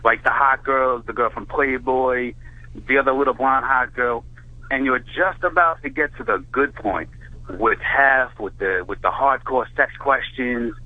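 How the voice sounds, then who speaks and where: A man's voice: medium pitch, unhurried. A male caller phoning in to a radio show, eager and pushy about his question. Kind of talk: casual call-in talk. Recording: tinny phone line.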